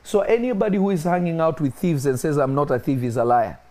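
A man's voice: quick pace, darkish tone. A man preaching in a spiritual discussion, emphatic and repeating his key points. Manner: emphatic, repeats key phrases, rises in pitch when stressing points.

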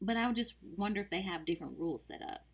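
A woman's voice: medium pitch, animated, racing, breathy edge. A woman co-hosting a casual podcast, giving blunt, joking takes on a reality TV show in a slangy, offhand way. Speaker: podcast co-host. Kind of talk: casual chat about reality TV.

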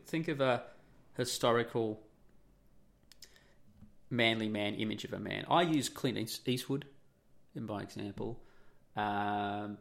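Gravelly, blunt middle-aged man ranting. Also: mid-range voice. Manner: blunt, profane, rhetorical questions. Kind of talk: opinionated monologue.

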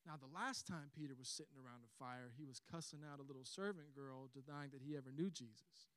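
A man with a Southern accent preaching a sermon, telling the story with animated, acted-out dialogue. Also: medium pitch, brisk, no echo. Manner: animated storytelling, acts out quoted lines. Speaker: pastor.

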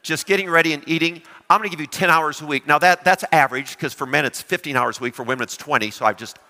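A man preaching a sermon, lively and animated, often putting questions to his congregation. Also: fairly high pitch, fast talker, long reverb tail. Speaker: pastor.

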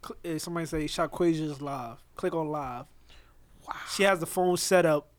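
Young new guy, high voice, ribbing his friends on a podcast. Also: moderate pace. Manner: needling, ribbing banter. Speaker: podcast co-host. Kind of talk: casual chat.

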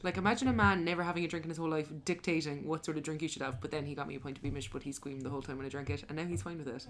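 A young woman hosting a casual podcast chat, brash and quick to swear and laugh. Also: sits low, fairly even intonation, slight background noise.

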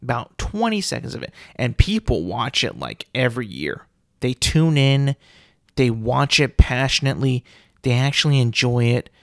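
A man's voice: mid-range voice, big pitch swings, normal speed, creaky, fairly bright tone, dry recording, studio quality. A man hosting his own podcast, delivering a profane, exasperated solo rant in a casual comedic style. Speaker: podcast host.

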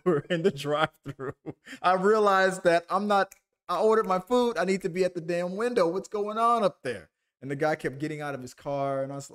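A man co-hosting a podcast over a video call, telling stories in a rambling, self-deprecating way with lots of restarts. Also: medium pitch. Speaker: podcast co-host. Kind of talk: casual chat.

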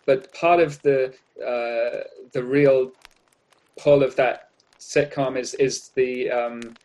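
A man's voice: medium pitch, steady tone, slow pace, a little mellow. A middle-aged man from Wales with a light South Walian accent, talking casually as an interview guest, rambling with many restarts. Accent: South Walian, Cardiff. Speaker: guest artist. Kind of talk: casual conversation.

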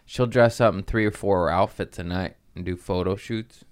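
A man's voice: sits low, steady tone, moderate pace. Joking, crude-humored male podcast host. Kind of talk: casual podcast chat.

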